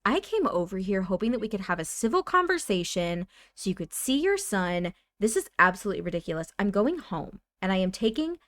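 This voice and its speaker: A woman's voice: mid-range voice, very animated, brisk, few pauses, fairly bright tone, no room sound. A woman voicing an angry mother scolding her ex-husband in a life-sim game, in an exasperated tone.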